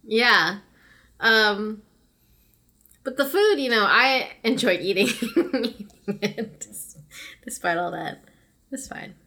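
A woman's voice: fairly high pitch, expressive, takes it slowly, long pauses, bright, forceful tone. A woman in casual chat, telling rambling stories and laughing often. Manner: giggly, rambling storyteller.

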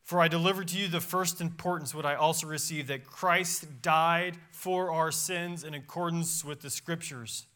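Man preaching in church, bright voice, gets loud then drops way down. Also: fairly high pitch, steady tone, normal speed, few pauses. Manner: preaching with emphatic rises and falls, reading scripture aloud. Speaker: pastor. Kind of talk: sermon. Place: church sanctuary.

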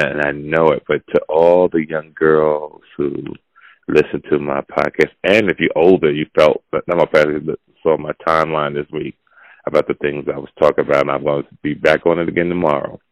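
In dull lo-fi audio with no room sound, a male podcast host speaks at normal speed with little pitch movement. His casual opinion monologue is blunt and preachy, his voice low and gravelly.

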